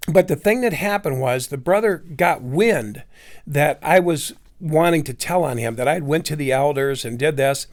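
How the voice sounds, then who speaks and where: A middle-aged man rambling through a personal story, acting out what others said. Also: fairly high pitch. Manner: rambling, with restarts and acted-out quotes. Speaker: storyteller recounting personal experience.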